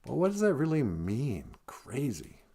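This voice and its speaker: A man's voice: medium pitch, wildly swooping pitch, a little slow, creaky, dark tone, slightly rough. A man hosting a casual podcast, musing aloud and repeating words so listeners can learn them. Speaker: podcast host. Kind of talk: casual podcast chat teaching language words.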